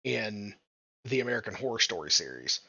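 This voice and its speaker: A man with a Southern US accent co-hosting a podcast in casual chat, halting and self-mocking. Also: lowish voice, sing-song, gravelly, bright, forceful tone, husky, no room sound, dull audio. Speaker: podcast co-host.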